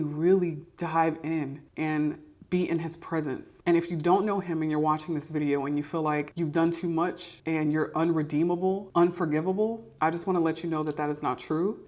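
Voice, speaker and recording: A woman's voice: sits low, a little mellow. A young adult woman sharing a personal faith testimony to camera, earnest and encouraging. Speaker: podcast host sharing testimony. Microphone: camera mic.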